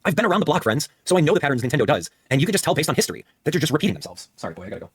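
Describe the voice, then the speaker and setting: A man in his thirties doing live-stream commentary, animated and repeating his phrases for emphasis. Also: on the high side, racing, slightly rough. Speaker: streamer reacting with chat.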